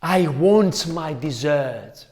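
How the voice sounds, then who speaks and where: A man voicing a vengeful, hungry aunt in a told folk tale, speaking in slow, looming threats. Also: a little high, expressive, darkish tone. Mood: menacing.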